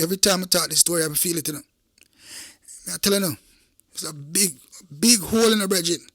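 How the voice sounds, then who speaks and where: A man's voice: a little high, fairly bright tone, no echo, studio quality. A middle-aged Jamaican man, a former police officer, recounting a true event in an intense, emphatic way, repeating phrases and speaking straight to his listeners.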